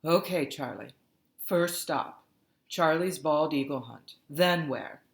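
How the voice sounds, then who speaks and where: A woman voicing a brisk, practical female caretaker in an audiobook, coaxing and teacherly as she organizes the children. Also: sits low. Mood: upbeat. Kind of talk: audiobook character voice. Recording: roomy echoey recording.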